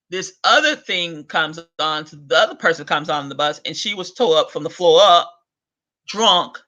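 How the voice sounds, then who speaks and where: A man's voice: a little high, pushed and bright. A man hosting a video rant, profane and exasperated, with chuckles between lines. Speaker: vlog host. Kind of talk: ranting monologue.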